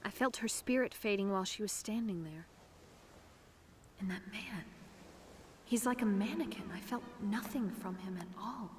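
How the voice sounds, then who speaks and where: A gentle young woman fighter, voiced by a woman in an animated film, soft and earnest. She sounds worried. Her voice sits in a middle range. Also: mid-range voice, normal speed, long pauses, reverberant, big-room sound, a little hiss or hum, close to an everyday voice. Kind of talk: dubbed animated film acting.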